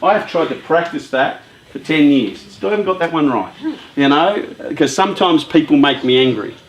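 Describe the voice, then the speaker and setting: A man giving a motivational talk to a group of young people, chatty and lively, telling stories and putting questions to the audience. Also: on the high side, normal speed, reverberant, poor audio. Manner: lively, chatty storyteller who talks with the audience. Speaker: youth workshop speaker.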